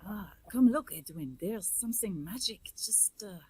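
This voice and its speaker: A woman's voice: mid-range voice, lively intonation, normal speed, a little mellow, a little hiss or hum, lightly acted. A woman voicing an eager village woman with an axe, speaking in character at a tabletop game.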